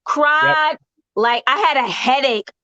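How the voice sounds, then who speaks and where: Expressive female co-host, fairly high voice, dull dry recording. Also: slow, no room sound. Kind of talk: casual chat.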